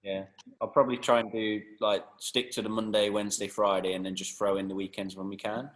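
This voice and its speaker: A man's voice: lowish voice, level tone, brisk, low-quality recording. An English man, a fitness coach, chatting and joking casually with his group over a video call. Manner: jokey, teasing, chatty.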